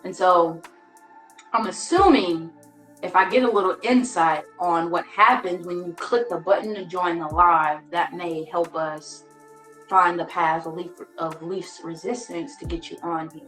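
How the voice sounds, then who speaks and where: A woman's voice: fairly low pitch, unhurried, a bit bright. Slangy woman hosting a live stream. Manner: slangy, playful, coaxing. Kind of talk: casual live stream chat. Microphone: phone. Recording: echoey room with faint music.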